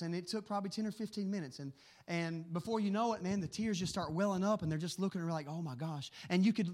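A man preaching and telling stories in an earnest, animated way, often repeating words as he goes. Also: sits high. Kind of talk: storytelling sermon.

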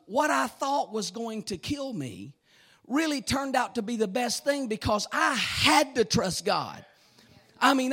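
High-voiced preacher man, fervent sermon. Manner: fervent, bursts into shouts, repeats phrases.

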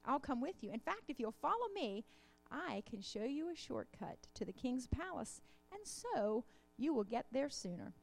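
A woman reading aloud as a sly male fox who lures the birds into his den, in a quiet, low-key storybook voice. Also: very animated, normal speed, gravelly, full character voice.

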